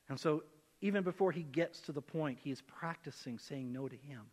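A man preaching a sermon as pastor, conversational and animated, acting out the voices he quotes. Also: fairly high pitch, normal speed, big-room sound. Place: church.

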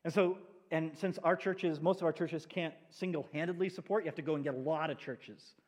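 A man preaching as a pastor, telling stories with animated asides in a church sanctuary. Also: fairly high pitch, a little fast. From New England. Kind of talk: sermon. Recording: long church hall reverb.

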